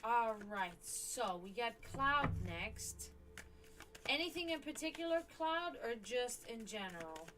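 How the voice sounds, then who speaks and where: A woman's voice: fairly high pitch, very animated, a little slow, over music, poor audio. A woman hosting a live tarot stream, chatting casually, cursing now and then and talking to her pets between readings. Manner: chatty, swears casually, coos baby talk at her cat. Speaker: tarot reader and stream host.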